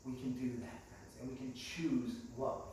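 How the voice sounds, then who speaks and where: A male pastor with a medium-pitched voice at normal speed gives a storytelling sermon, lively and humorous, calling the congregation his friends. The distant mic in an echoey church hall adds a little hiss or hum.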